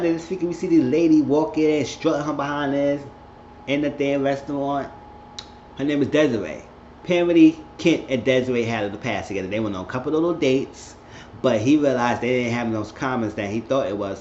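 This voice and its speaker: A man giving a casual, slangy recap of a TV episode, acting out the characters' lines as he tells it. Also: medium pitch. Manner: animated, slangy storytelling with quoted dialogue. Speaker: recap vlogger. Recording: muffled echoey room, faint hum.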